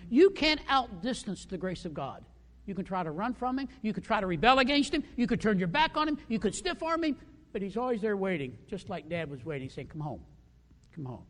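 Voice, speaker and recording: A male pastor preaching a sermon in a church, animated and acting out the characters in the story. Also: high-pitched, big-room sound. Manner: animated, acts out quoted characters.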